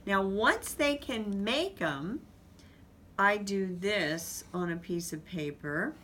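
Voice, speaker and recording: A woman teaching parents how to guide children in writing their sounds, explaining each step slowly and patiently. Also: mid-range voice, expressive, fairly bright tone, slight background noise. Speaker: reading teacher. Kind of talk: instructional demonstration.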